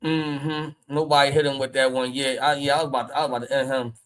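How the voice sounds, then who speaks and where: A man with a Philadelphia accent hosting a casual livestream, brash and loud, trash-talking and laughing often. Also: medium pitch, little pitch movement, fast, low-quality recording. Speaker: livestream host.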